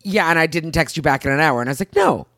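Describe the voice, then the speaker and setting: A woman in her thirties chatting casually as a podcast co-host, acting out quotes with big jumps in pitch. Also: very fast, a bit bright, dry recording, clean studio sound. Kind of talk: casual chat.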